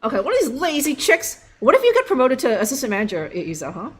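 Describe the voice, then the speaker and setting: Chatty, animated young woman streamer. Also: high-pitched, quick pace, husky. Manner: rambling, joking, filler-heavy. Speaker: livestream gamer. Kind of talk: casual live gameplay commentary.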